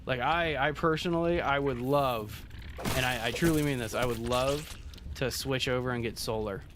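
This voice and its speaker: A young man streams a game and rambles to his viewers in a loose, casual way, full of fillers and restarts. His pitch sits in the middle for a man, and a faint hiss runs under the recording. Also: steady tone, a little fast. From Southern California. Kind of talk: casual gameplay chat with live viewers.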